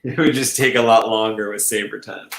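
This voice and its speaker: A man's voice: on the low side, fairly even intonation, a little fast, fairly bright tone, reverberant, slight background noise. A man hosting a casual live chat, playful and laid-back, fond of making up silly phrases. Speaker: host.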